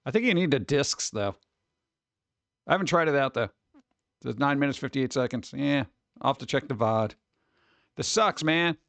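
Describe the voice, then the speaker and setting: A man's voice: medium pitch, lively intonation, normal speed, gravelly, long pauses, a bit bright, no echo. A man streaming live from his home setup, rambling and joking with exasperation in casual chat.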